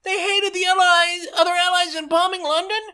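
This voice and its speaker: A man's voice: fairly high pitch, lively intonation, measured pace, pushed and bright. A man voicing a hot-tempered, scheming male propaganda chief in a story he reads aloud, who screeches in rage and hisses orders. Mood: ranting. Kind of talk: reading his own story aloud.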